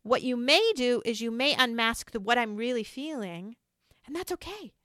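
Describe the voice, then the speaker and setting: Bright-voiced woman, earnest and reassuring. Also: on the high side, normal speed, no room sound, studio quality. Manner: earnest, reassuring, talks of grief openly. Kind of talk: casual heartfelt conversation.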